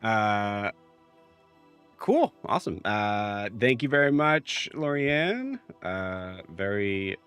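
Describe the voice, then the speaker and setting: A man hosting a tabletop role-playing game as dungeon master, chatting with his players and then narrating the scene in slow, drawn-out phrases. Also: fairly low pitch, very animated, fairly bright tone, smooth, faint music behind.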